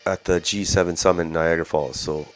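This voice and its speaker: A man's voice: low voice, steady tone, quick pace, soft background music. A Canadian man hosting a news commentary show, talking in a blunt, scornful, ranting way. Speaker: host.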